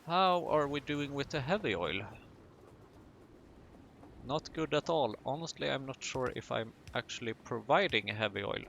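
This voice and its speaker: Guy chatting slow over his factory game, gravelly voice, bright edge, joking at himself. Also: medium pitch, animated, a little hiss or hum. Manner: chatty, self-mocking asides while building. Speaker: gaming video host. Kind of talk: casual let's-play commentary.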